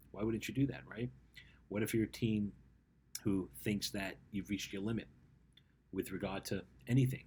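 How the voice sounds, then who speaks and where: A man with a fairly low voice gives a motivational talk in the easy manner of a coach speaking to teenagers. He tells a story, then turns to direct, conversational advice, often checking in with a quick "right?" A faint background sound sits under his voice. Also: a little mellow, a little hiss or hum. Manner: conversational, keeps asking "right?". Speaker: life coach for teens.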